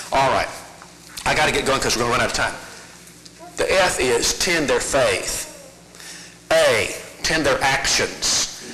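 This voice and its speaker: A man's voice: sits high, bright, forceful tone. A middle-aged man preaching a sermon, telling folksy stories and asking rhetorical questions. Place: church sanctuary. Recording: echoey church hall.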